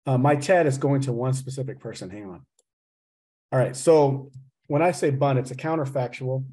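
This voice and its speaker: Teaching grammar with jokes over a video call, this man playfully teases his students and keeps calling them "guys." He speaks at a moderate pace in a mellow, mid-range voice.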